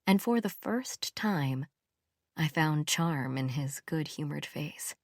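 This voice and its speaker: A woman reads a first-person romance audiobook in a low, unhurried voice. Her telling is measured and intimate. It is recorded close on the mic, dry and free of room sound. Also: animated, dry recording. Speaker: audiobook narrator.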